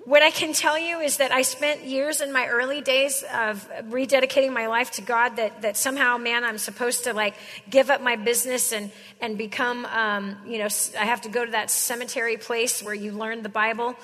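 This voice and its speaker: A woman's voice: on the high side, steady tone, normal speed, a bit bright, long reverb tail. A woman giving a casual, slangy sermon, telling stories in a chatty way. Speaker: Christian speaker.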